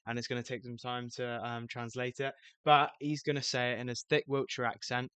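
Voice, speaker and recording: Bright, teasing young podcast host man. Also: mid-range voice, flat delivery, a little fast, smooth, no room sound. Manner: teasing, upbeat. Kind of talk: casual podcast chat.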